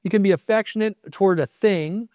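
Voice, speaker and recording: A middle-aged American man preaching from the front in a relaxed, story-driven way. His voice sits a little higher than most men's and is recorded dry and close, with little room sound. He punctuates his points with quick affirmations. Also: dry recording. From United States. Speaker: congregation leader. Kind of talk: sermon.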